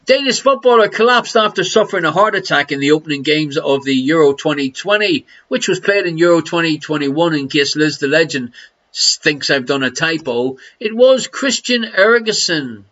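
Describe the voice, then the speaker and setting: A man's voice: on the high side, expressive, moderate pace, fairly bright tone, lo-fi sound. A man with an Irish accent hosting a live online quiz, jokey and teasing, laughing between questions. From Ireland. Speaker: quiz host.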